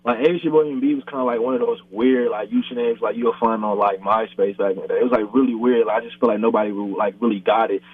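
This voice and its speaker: A young male YouTuber talks fast and steadily in a lowish voice, rarely pausing, as he chats loosely through a casual interview and keeps dropping "like" and "bro." The audio is thin, like a phone line, and sounds husky and dry.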